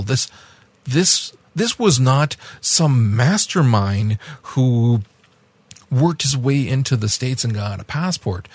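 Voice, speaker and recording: A man's voice: medium pitch, breathy edge, no room sound. A man co-hosting a podcast, talking casually and ranting with animation, laughing and restarting his sentences. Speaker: podcast co-host. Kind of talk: casual podcast chat about a documentary.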